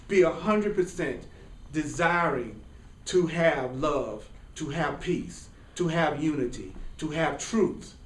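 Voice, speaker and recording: High-voiced emphatic male spiritual teacher. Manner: emphatic, preacherly, repeats phrases for stress. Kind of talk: spiritual class talk to a group. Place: classroom with a small audience. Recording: echoey room, mic at a distance, faint hiss.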